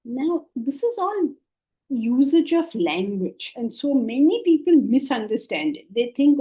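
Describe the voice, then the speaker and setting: A middle-aged woman teaching spiritual philosophy to a class, lively and often questioning her listeners. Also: sits high, measured pace, breathy edge, highs cut off. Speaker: Vedanta teacher. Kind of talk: spiritual lecture.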